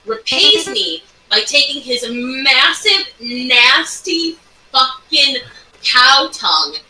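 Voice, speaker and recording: A woman's voice: sits high, sing-song, takes it slowly, pushed and bright, recorded from a distance. A woman in casual chat, bluntly recalling a tabletop game and swearing. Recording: echoey room, off-mic, faint hiss.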